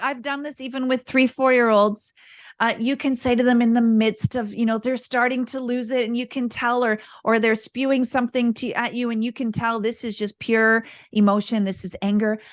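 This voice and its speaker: A woman with a fairly high voice talks calmly through parenting advice as a podcast guest, restarting phrases as she goes. Her voice is recorded very dry and close, with no room sound at all. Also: no room sound. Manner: calm, explanatory, repeats words while thinking. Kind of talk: casual interview talk.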